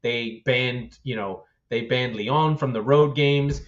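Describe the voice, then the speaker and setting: A man co-hosting a football podcast in loose, animated chat, swearing freely and laughing between points. His voice sits at a middling pitch, and the audio sounds slightly dull and muffled. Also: takes it slowly. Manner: animated, profane, laughs often. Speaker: podcast co-host.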